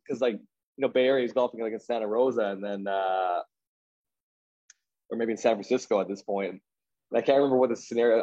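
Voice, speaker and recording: A man's voice: medium pitch, a little mellow, lo-fi sound. A man telling a story in casual chat, rambling with lots of "like" and restarts, laughing at himself.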